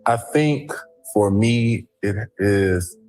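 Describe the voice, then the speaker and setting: A man talking in a halting, reflective way as a reality show contestant, with many fillers, in a clip with music underneath. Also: lowish voice, darkish tone. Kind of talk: casual reflective talk.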